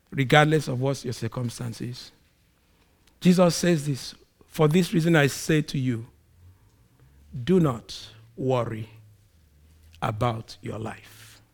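Slow, dramatic preaching man. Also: vocal fry, fairly bright tone. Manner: dramatic swings in pitch and volume; acts out quoted speech in a raised voice. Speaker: pastor. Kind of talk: sermon.

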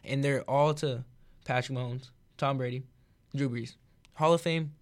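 A young man co-hosting a sports podcast, venting as a frustrated fan about his team. He talks in casual slang. His voice sits at an average pitch for a man. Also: fairly even intonation, normal speed. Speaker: podcast co-host.

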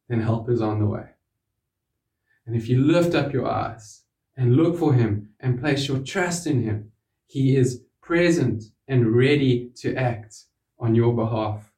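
A man preaching a sermon to a church congregation, earnest, dropping to a hush on key words. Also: mid-range voice. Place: church hall. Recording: roomy, from a distance.

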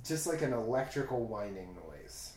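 A man's voice: medium pitch, expressive, normal speed, a little mellow. A man co-hosting a podcast, chatting casually and recapping a TV episode in a rambling way full of "like". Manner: rambling, filler-heavy, full of "like". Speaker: podcast co-host. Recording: echoey room.

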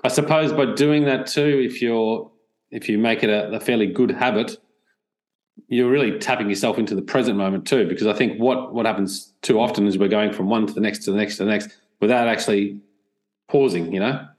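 A podcast host speaks over a remote call. His voice is low for a man. He muses slowly and hesitantly as he asks his questions. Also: a little mellow. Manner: slow, thoughtful, hesitant. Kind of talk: interview questions.

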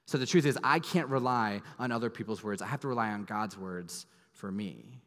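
Earnest pastor in a reverberant hall. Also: male voice, on the low side, moderate pace. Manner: earnest, emphatic storytelling with sudden soft drops. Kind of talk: sermon.

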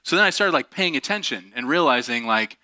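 A man's voice: medium pitch, expressive, brisk, pushed and bright, no echo. A man preaching a sermon as a pastor, telling a story in a casual, self-deprecating way with many fillers and restarts.

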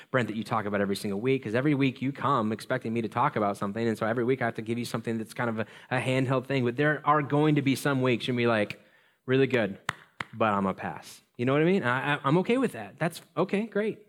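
A pastor with a mid-range voice preaches a sermon in a loose, conversational, self-deprecating way, slipping into quick stories.

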